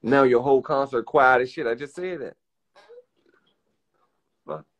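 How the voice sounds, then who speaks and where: Speaking in a mid-range, slightly bright voice, this young streamer delivers a casual, profane, emphatic rant. He keeps mimicking what others said, slipping into quick put-on voices to act out their lines.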